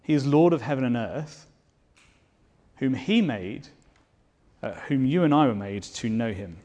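A man's voice: mid-range voice, lively intonation, measured pace, warm tone, highs cut off. A man preaching a sermon, earnest and fervent, asking the listeners rhetorical questions. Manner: earnest, rising to fervent declarations.

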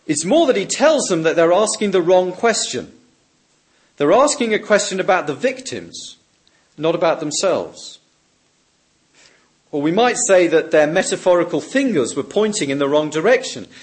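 A man preaching a sermon, measured and emphatic, lifting his voice on questions and dropping softly on key words. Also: a little high, sing-song.

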